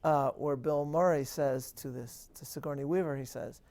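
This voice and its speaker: Here a male rabbi responds to questions in a live interview. His delivery is earnest and measured like a lecture, with strong emphasis and frequent restarts. The pitch is fairly high, the intonation fairly even, and the tone a little mellow.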